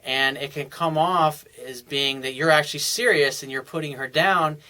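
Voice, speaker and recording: A man's voice: on the high side, normal speed, bright, forceful tone, rough recording. A man giving casual, blunt dating advice as a coach, answering a viewer's email in a conversational monologue.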